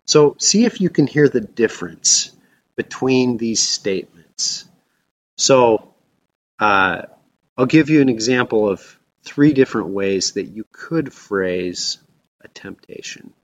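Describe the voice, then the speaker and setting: A man's voice: on the low side, muffled recording. A man preaching a reflective sermon as a pastor.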